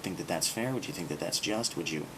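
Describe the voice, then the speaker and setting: A man's voice: sits low, fast talker, noisy background. A man talking casually to camera in a rambling, sarcastic monologue with lots of filler words. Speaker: video blogger.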